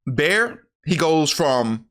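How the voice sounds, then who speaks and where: A man's voice: a little high, sing-song, extremely slow, fairly bright tone. A tired man retelling a movie plot in a casual, rambling, profane way, correcting himself as he goes. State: tired after work. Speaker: vlogger recapping a movie. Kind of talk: casual storytelling recap.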